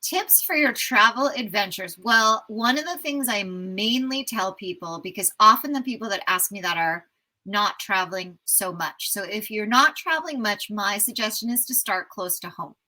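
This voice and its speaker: Speaking in a mid-range voice at a moderate pace, a travel writer from the United States, a woman in her fifties, recounts stories as an interview guest. She's lively and enthusiastic in this casual conversation, captured on a rough recording.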